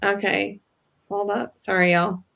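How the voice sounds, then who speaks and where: A woman with a gravelly, creaky edge joins a casual chat with short agreeing remarks. She sounds like she is on a video call. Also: mid-range voice, level tone, fairly bright tone. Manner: quick agreeing interjections.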